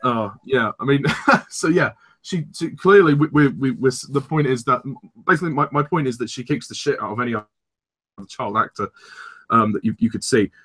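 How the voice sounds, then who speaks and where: A man's voice: medium pitch, lively intonation, normal speed, sharp tone, breathy edge. A young man chatting casually as co-host of a film discussion, rambling and enthusiastic, with frank swearing.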